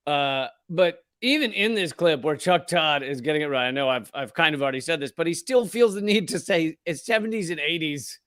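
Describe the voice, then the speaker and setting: A man's voice: fairly high pitch, a little fast, hardly any pauses, fairly bright tone, no echo, clean studio sound. A male comedian hosting his show, ranting with profanity and sarcastic mockery. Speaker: comedian host. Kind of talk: ranting political commentary.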